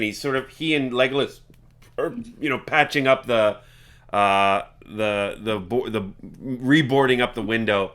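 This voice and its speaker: A man narrating as game master of a tabletop game, talking in halting bursts full of fillers. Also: medium pitch, pushed and bright. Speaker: dungeon master.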